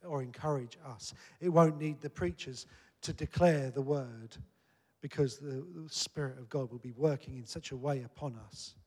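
Man preacher, sermon, higher-pitched, conversational and earnest, long hall reverb. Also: a little mellow. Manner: earnest, conversational preaching that rises to emphatic peaks.

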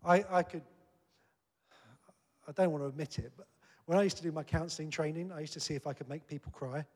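Man preacher, sermon, higher-pitched, conversational and earnest, long hall reverb. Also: steady tone, quick pace, darkish tone. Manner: earnest, conversational preaching that rises to emphatic peaks.

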